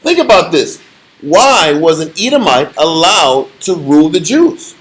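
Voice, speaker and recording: Animated high-voiced man teaching scripture. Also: a little slow, poor audio. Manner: animated storytelling, slangy, laughs often. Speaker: bible study teacher.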